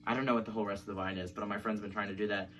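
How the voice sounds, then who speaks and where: A man's voice: lowish voice, flat delivery, racing, fairly bright tone, slight background noise. A young man talking casually to camera in a chatty, self-deprecating way, laughing often, and then reading poems aloud. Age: young adult. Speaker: vlogger. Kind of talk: casual vlog chat and poem reading.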